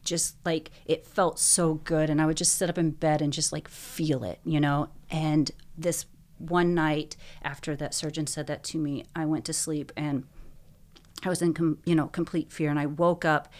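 A young woman, a guest in an interview, telling her own story earnestly, full of "like"s and quick bursts. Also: low voice, level tone, darkish tone.

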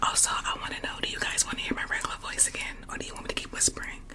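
A woman whispering softly and chatting with viewers during an ASMR live stream, close to a sensitive condenser microphone. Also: racing. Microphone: USB condenser mic up close.

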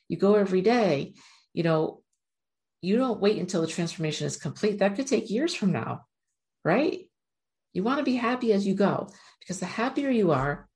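A woman's voice: fairly low pitch, darkish tone. A woman giving an earnest, encouraging motivational talk, speaking straight to her viewers. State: near tears at moments. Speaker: self-help speaker.

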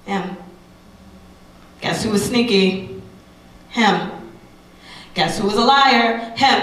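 A woman in her thirties, a radio personality, giving a candid personal testimony talk to an audience, animated and full of asides. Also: medium pitch, very echoey, recorded from a distance, rough recording.

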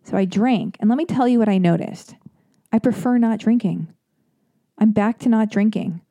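Woman podcast host chatting loose and jokey, mellow warm voice, dry close sound. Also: mid-range voice, normal speed, no room sound. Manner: rambling and self-deprecating, full of fillers and jokey asides. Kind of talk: casual personal monologue.

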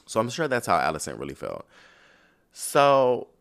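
A man hosting a podcast, giving a casual, profane, animated recap full of slang and mock quotes. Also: fairly low pitch, normal speed, gravelly. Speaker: podcast host recapping a TV episode.

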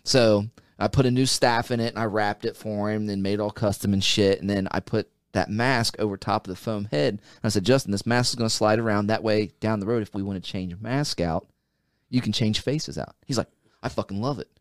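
A man co-hosting a podcast, telling stories in a profane, animated way and acting out what people said. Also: fairly low pitch, fairly quick, smooth, no echo, clean studio sound. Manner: profane, animated storyteller who acts out quotes. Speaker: podcast co-host. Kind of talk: casual podcast chat.

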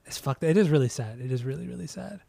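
A man's voice: on the high side, animated, quick pace, gravelly, dark tone, no echo. A man co-hosting a podcast, rambling and swearing in casual chat about music. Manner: rambling, profane, with frequent restarts. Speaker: podcast co-host.

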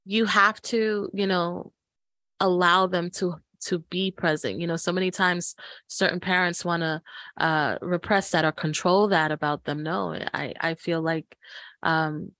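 A woman's voice: on the low side, fairly even intonation, unhurried, a bit bright, dry recording. A woman co-hosting a podcast, chatting in a reflective, agreeing way. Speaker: podcast co-host. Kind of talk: casual chat.

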